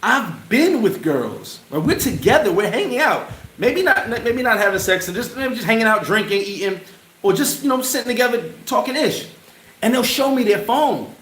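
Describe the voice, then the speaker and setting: A man hosting a casual livestream, answering chat in an animated, slangy way and laughing often. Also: very high-pitched, moderate pace. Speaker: channel host answering live chat. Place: bar. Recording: roomy with loud background noise.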